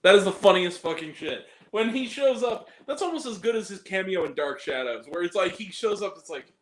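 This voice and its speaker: A man's voice: high-pitched, expressive, brisk, fairly bright tone, a little hiss or hum. A man hosting a casual chat, joking crudely and laughing often. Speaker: podcast host. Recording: roomy echo.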